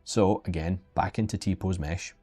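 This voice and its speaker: With a low-pitched, mellow voice and a measured pace, a 3D sculpting instructor leads a live digital sculpting session. He chats and jokes casually, restarts sentences often, and faint background music can be heard.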